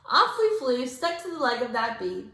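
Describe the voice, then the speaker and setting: A woman teacher reading a picture book aloud to her class, with lively character voices. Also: sits high, moderate pace, creaky. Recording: echoey room.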